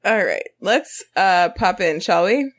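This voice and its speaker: Slow, lively woman co-host who giggles. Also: medium pitch. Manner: giggly, animated reactions. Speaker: podcast co-host. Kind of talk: casual chat.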